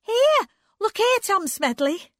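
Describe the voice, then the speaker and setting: A woman reading a story aloud, voicing a young girl who scolds sharply and loudly. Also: high voice, big pitch swings, unhurried, dry recording, clean studio sound, voice pushed up, full character voice. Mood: scolding.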